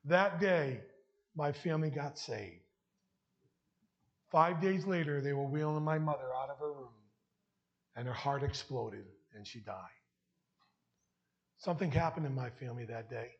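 A man's voice: a little high, a little slow, long pauses, highs cut off. A man preaching a heartfelt sermon and sharing his testimony, emotional at times. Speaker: pastor.

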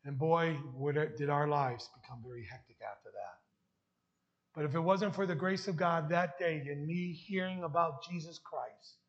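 A man's voice: sits high, highs cut off. A man preaching a heartfelt sermon and sharing his testimony, emotional at times. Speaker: pastor.

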